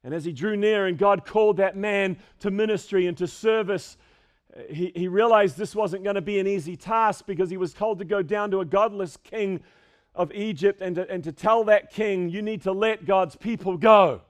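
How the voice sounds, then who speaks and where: High-voiced animated male preacher. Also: normal speed. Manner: animated preaching, swings from loud calls to quiet asides. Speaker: pastor. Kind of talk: sermon.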